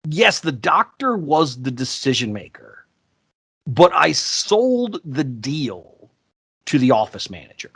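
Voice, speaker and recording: A man co-hosting a podcast, telling sales stories in a casual, animated way and acting out the people he quotes. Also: on the high side, slow, breathy edge, no room sound, studio quality. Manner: animated, acts out quoted voices. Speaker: podcast co-host. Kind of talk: casual storytelling chat.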